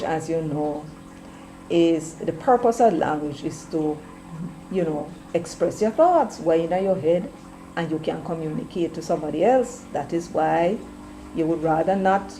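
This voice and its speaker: A Jamaican woman hosting casual commentary, chatty, slipping between patois and English, her throat a little hoarse. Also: fairly low pitch, mellow, slight background noise, poor audio. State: slightly hoarse, clearing throat. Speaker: commentary channel host.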